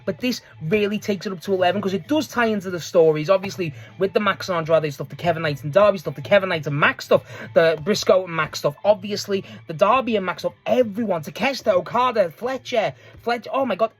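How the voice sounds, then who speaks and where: A man with a notably high-pitched voice recaps a wrestling match in loose, casual talk. He rambles from one moment to the next, restarts often, laughs readily and swears freely. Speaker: wrestling fan reviewer.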